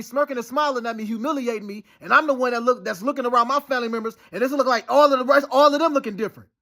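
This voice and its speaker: Talking fast in a loose, casual monologue, this man swears his way through a rambling rant. The tone is bright and forceful, pitched high for a male voice, and it never loses its heated, insistent edge.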